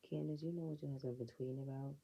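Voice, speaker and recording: A woman's voice: rumbling low, fairly even intonation, fast talker, vocal fry, husky, muffled recording. A woman giving a casual, blunt, opinionated recap of a reality show episode, with sassy asides. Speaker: reality TV reviewer.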